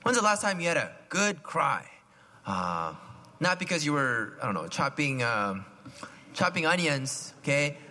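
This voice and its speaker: A man giving a conversational homily, often asking his listeners questions and clearing his throat. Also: a little high, big pitch swings, unhurried, bright, forceful tone. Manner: chatty, asks the listeners questions, frequent "right?". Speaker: preacher. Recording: long hall reverb.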